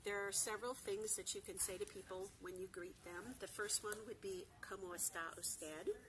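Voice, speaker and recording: A woman giving a beginner Spanish lesson, saying example phrases slowly and repeating them with care. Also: mid-range voice, steady tone, noisy background. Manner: slow, careful repetition of example phrases. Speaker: Spanish teacher.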